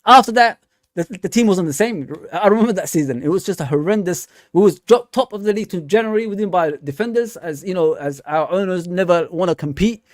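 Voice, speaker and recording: A man's voice: high voice, lively intonation, fairly quick, no echo, studio quality. Ranting man, fan stream host. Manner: ranting, repeats "man" and "come on". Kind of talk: casual live-stream football talk.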